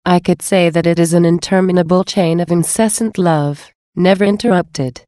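A woman reading as Jesus, gently loving. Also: fairly low pitch, steady tone, no echo, studio quality, natural voice. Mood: tender. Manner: slow, measured devotional reading. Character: Jesus, gentle loving divine male speaker.

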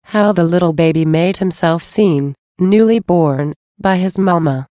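A woman reads a devotional text in a slow, reverent, measured way. Her voice is fairly low and mellow. The recording is close and dry. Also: dry recording. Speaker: reader. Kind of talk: devotional scripture-style reading.

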